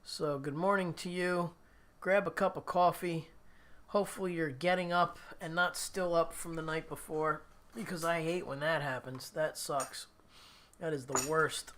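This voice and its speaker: Male stream host, casual chatter, unhurried delivery, bright timbre, frequent laughs. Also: on the high side, fairly even intonation, slight background noise. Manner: chatty, laughs often, reads viewer comments. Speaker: livestream host. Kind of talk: casual chat.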